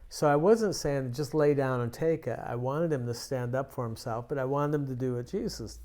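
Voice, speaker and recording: A man's voice: medium pitch, moderate pace, a little mellow. A male pastor teaching a sermon, telling a personal story in a conversational way with frequent restarts.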